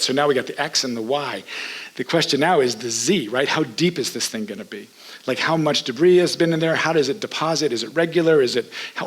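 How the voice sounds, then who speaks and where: A man telling a true story on a theater stage, in an animated, conversational way. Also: a little high, poor audio. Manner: animated, conversational, quotes people in his story. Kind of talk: first-person stage storytelling.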